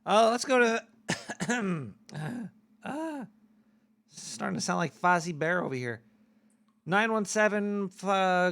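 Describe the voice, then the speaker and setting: A paranoid cartoon rat , played by a man, runs his own call-in radio show. His voice sits high with a rough, gravelly edge. He rambles and jokes in a loose, offhand way. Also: a bit bright, exaggerated voice.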